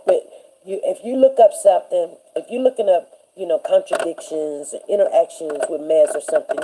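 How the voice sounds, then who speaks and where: Dark-voiced woman telling a story. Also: lowish voice, husky, low-quality recording. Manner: rambling, animated, acts out quoted people. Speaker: show host. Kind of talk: casual storytelling.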